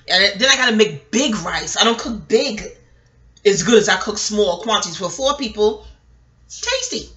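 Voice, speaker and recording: A woman's voice: medium pitch, bright, forceful tone. A woman vlogger telling a rambling story in casual chat, laughing, swearing freely and acting out the people she quotes.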